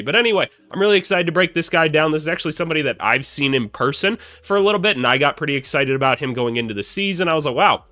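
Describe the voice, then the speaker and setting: A man's voice: a little high, bright, forceful tone, no echo. A young man, a former college coach, chatting casually and upbeat through a basketball scouting breakdown, a little self-deprecating.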